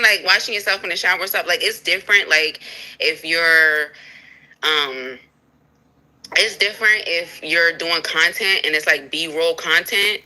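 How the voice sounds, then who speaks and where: A woman's voice: lowish voice, a little slow, poor audio. A woman in a casual livestream conversation, speaking candidly and repeating her points. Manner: candid, animated, repeats herself. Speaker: livestream co-host.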